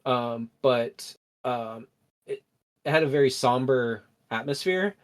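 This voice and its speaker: A man's voice: mid-range voice, lively intonation, takes it slowly. Man rambling as a game master. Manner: rambling with many fillers. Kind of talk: narrating a tabletop game.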